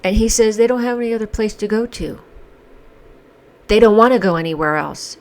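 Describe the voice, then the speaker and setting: This commentary vlogger speaks fairly quickly in a mid-range voice, pausing often. Her opinion monologue is emotional and emphatic, charged with passion and indignation.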